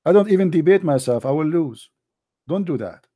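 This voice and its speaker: A man hosting a heated call-in debate, mocking and combative, his voice going hoarse. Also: on the high side, expressive, a little fast, narrow, tinny audio. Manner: mocking, combative, repeats himself. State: losing his voice. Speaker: debate show host.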